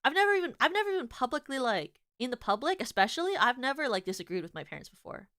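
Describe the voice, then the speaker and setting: A woman's voice: high voice, fast talker, no room sound, studio quality. A young woman streamer chatting casually, rambling with many filler words and restarts, and laughing as she tells stories. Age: young adult. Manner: animated, giggly storytelling. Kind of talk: casual chat.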